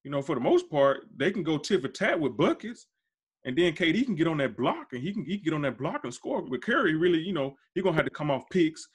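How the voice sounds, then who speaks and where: A podcast host argues basketball in casual, slangy talk, his voice on the high side with a breathy edge and big pitch swings. He talks fast and stays emphatic and insistent, his pitch shooting up whenever he presses a point.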